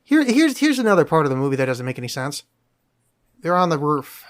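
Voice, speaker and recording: Sarcastic podcast co-host, higher voice. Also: male voice, big pitch swings, a little fast. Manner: rambling, sarcastic, restarts a lot. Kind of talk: casual chat.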